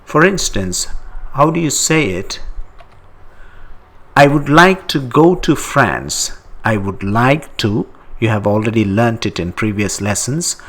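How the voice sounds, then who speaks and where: Guy teaching slow and careful, says every word twice, mid-pitched voice. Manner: slow, deliberate, repeats each example word twice. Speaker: language teacher. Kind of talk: slow step-by-step language lesson.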